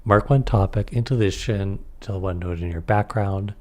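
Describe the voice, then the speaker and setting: A man's voice: on the low side, moderate pace. A man reading aloud through a tabletop game rulebook and adding casual comments on the rules. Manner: reads rules aloud, then comments offhandedly.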